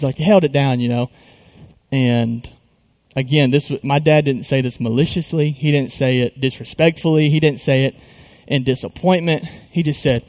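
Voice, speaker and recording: A man's voice: fairly high pitch, darkish tone. Earnest young man telling a personal story. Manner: earnest, halting, many restarts and fillers. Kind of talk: personal testimony on live stream.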